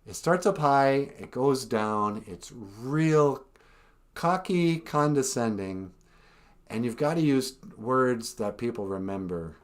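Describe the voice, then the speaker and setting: A man hosts a relaxed live stream and chats about how he builds his voices. His pitch moves a lot, and he talks at an unhurried pace. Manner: chatty, explains his impressions. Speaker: host. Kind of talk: casual live stream chat.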